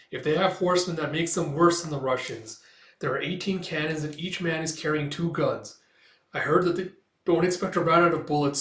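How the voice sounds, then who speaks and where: A man voicing a calm, resolute young wife who speaks firmly and steadily. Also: fairly high pitch, close to an everyday voice. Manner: steady, firm. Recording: roomy echo.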